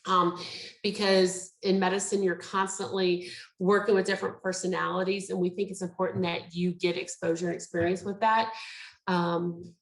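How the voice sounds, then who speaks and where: A woman's voice: lowish voice, gravelly, reverberant, rough recording. A woman presenting a medical school program in a chatty, explanatory way with plenty of fillers, speaking on a video call. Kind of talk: virtual info session talk.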